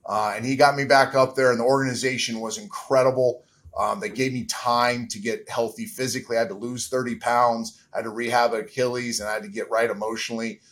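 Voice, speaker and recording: A man's voice: medium pitch, flat delivery, brisk, fairly bright tone. Earnest middle-aged man, reflective. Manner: earnest, reflective, with frequent fillers. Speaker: guest, former pro quarterback. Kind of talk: candid interview answers.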